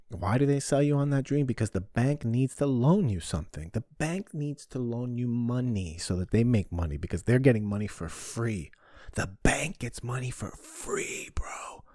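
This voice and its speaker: A man's voice: medium pitch, warm tone, no echo, clean studio sound. A man hosting a podcast, ranting heatedly with lots of swearing and rhetorical questions. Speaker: podcast host. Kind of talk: ranting solo podcast talk.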